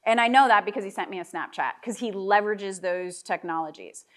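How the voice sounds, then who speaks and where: A woman's voice: mid-range voice, brisk, a bit bright. A woman in her thirties telling a candid, jokey story to a live audience, with asides to the crowd. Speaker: guest speaker. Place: event hall with a live audience.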